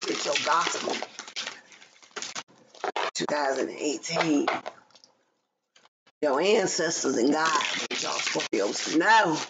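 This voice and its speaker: A woman's voice: low voice, slow, long pauses. Profane, playful woman reading tarot. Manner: loose, profane, playful, breaks into singing. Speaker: tarot reader. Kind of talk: casual livestream tarot reading. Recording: dull lo-fi sound with background noise.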